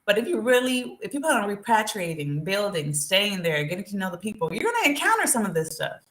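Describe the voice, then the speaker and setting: An animated woman chats straight to her live-stream viewers. Her voice sounds bright and forceful, and the room around her echoes. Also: medium pitch, brisk. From United States. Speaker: vlogger. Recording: roomy echo.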